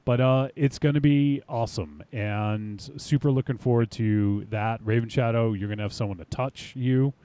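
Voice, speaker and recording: A man's voice: mid-range voice, fairly even intonation, normal speed, few pauses, dark tone, smooth, dry recording. A man hosting a podcast, chatting casually in an upbeat, rambling way. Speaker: podcast host. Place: home studio.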